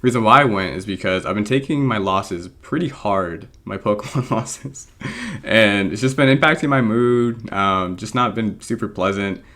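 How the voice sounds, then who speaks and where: A man's voice: fairly low pitch, moderate pace, pushed and bright. A man chatting casually while he plays a competitive game, rambling with lots of ums and laughing at himself. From born in England, raised American. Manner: rambling, frequent ums, self-deprecating laughs. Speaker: draft league coach and video creator. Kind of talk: casual gameplay commentary.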